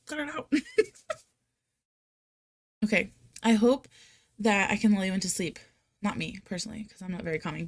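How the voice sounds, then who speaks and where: A woman's voice: mid-range voice, creaky, no room sound. A woman hosting a livestream, talking in a chatty, loose and rambling way. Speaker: livestream host. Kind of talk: casual livestream chat.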